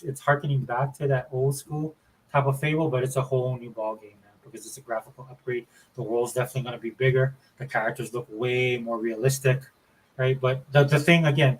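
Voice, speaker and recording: A man's voice: medium pitch, level tone, fast talker, low-quality recording. Enthusiastic rambling gaming show host, a man. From Florida. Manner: rambling and enthusiastic, says dude and man a lot. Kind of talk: casual gaming chat.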